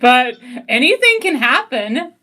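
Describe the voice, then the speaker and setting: A woman's voice: high-pitched, very animated, a little slow, sharp tone. A young woman writer chatting casually and rambling with lots of fillers and giggles. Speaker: fan fiction author, host. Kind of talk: casual review chat.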